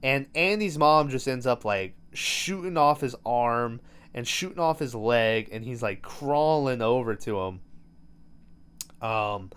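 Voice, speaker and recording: A man's voice: mid-range voice, expressive, slow, fairly bright tone, clean tone. A man hosting a podcast, recapping a movie in loose, profane storytelling full of "um" and "like". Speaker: podcast host.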